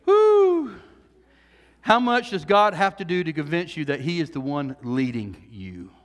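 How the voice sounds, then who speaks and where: A man preaching a sermon to his congregation, swinging between loud, animated passages and hushed asides, and adding jokey remarks along the way. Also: fairly high pitch, moderate pace. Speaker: pastor. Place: church sanctuary. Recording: long hall reverb.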